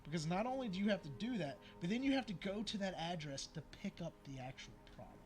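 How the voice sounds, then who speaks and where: A man's voice: high-pitched, expressive, fast talker, darkish tone, soft background music. A man co-hosting a gaming stream, talking in a casual, argumentative way and swearing freely. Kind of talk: casual chat over gameplay.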